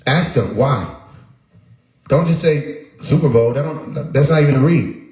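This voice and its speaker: This man hosts a livestream, talking casually at a measured pace in an echoey room. His mid-range, darkish voice is expressive and emphatic, leaning on repetition and rhetorical questions.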